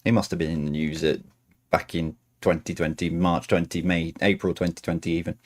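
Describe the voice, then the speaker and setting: A man's voice: sits low, level tone, brisk. A man hosting a quiz night on a stream, reading questions aloud with chatty, self-mocking asides between them. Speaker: quiz host.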